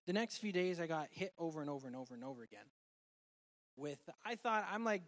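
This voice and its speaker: A man preaching a sermon and sharing a personal testimony, earnest and heartfelt, moving between loud and soft delivery. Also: fairly high pitch, animated, normal speed, pauses often.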